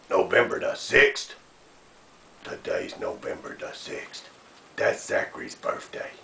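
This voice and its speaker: Man voicing a gravelly forgetful puppet. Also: on the low side, a bit bright, reverberant, recorded from a distance, exaggerated voice. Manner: slow, questioning.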